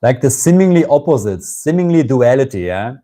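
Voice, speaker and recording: A man's voice: mid-range voice, sing-song, normal speed, dark tone, a little hiss or hum. A man with a German accent giving a live-streamed satsang talk as a spiritual teacher, reflective and often ending his phrases with a questioning "yeah?".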